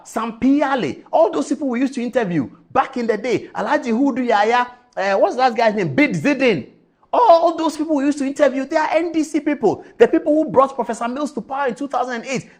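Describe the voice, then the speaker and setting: A man from Ghana, hosting a TV show, giving an impassioned political commentary full of rhetorical questions and repeated words. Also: high voice. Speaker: TV show host.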